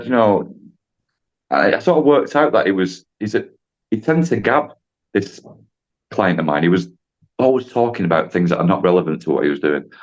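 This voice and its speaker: A man's voice: low voice, a little mellow, lo-fi sound. A man, a driving instructor, telling a story in a chatty, rambling way on a podcast and acting out the dialogue.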